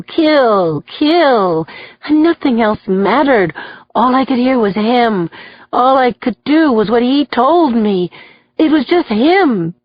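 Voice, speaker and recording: A woman's voice: a little high, dry recording, highs cut off, pitched above the performer's own voice. A woman voicing a troubled adult man on the witness stand in an audiobook, his voice raised and emotional. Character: troubled adult male defendant, unstable.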